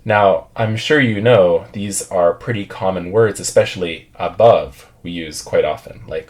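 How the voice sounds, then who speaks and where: A man's voice: low-pitched, unhurried, hardly any pauses. A man teaching English pronunciation, patiently drilling words and having learners repeat after him.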